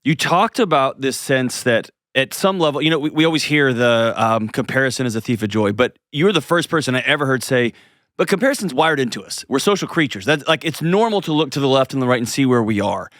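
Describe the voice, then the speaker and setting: A man's voice: mid-range voice, lively intonation, a little fast, a bit bright, dry recording. A man with a mid-range voice, recorded dry and close with no room sound. He hosts the interview and asks his guest long, earnest questions that wander and restart. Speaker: show host.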